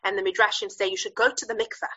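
Forceful husky woman teaching with gusto. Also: medium pitch, fast talker, muffled recording. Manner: lively, chatty, hesitant with fillers. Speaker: Bible teacher. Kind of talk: animated storytelling lesson.

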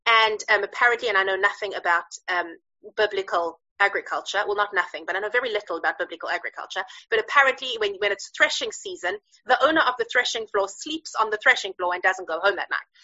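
A woman teaching a Bible story in a lively, chatty way, with frequent fillers and searches for words. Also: medium pitch, quick pace, dull audio. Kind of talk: animated storytelling lesson.

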